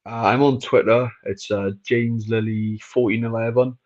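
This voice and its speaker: A man's voice: mid-range voice, level tone, normal speed, darkish tone. Hesitant Englishman over a muffled call. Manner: hesitant, full of fillers. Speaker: guest fighter. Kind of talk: casual interview answers. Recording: muffled video call audio.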